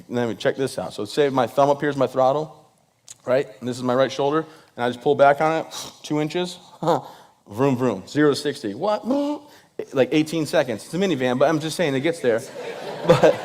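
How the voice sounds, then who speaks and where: A mid-range, slightly mellow male voice belongs to a Michigan guest speaker at a live event. His talk is self-deprecating and full of jokes, with frequent "right?" check-ins.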